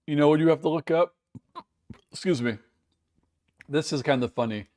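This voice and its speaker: A man's voice: fairly high pitch, normal speed, a little mellow. An American man hosting a casual live stream, chatting and rambling in a self-deprecating way while reading viewer comments, recorded indoors at home. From United States.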